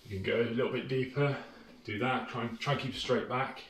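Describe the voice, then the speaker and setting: Talking at a brisk clip, this British man has a mid-range, fairly bright voice and fairly even intonation. He's a fitness instructor guiding a home workout, loosely phrased, casual and encouraging, a little breathless. The footage comes from a distant camera mic, so the audio is roomy and noisy.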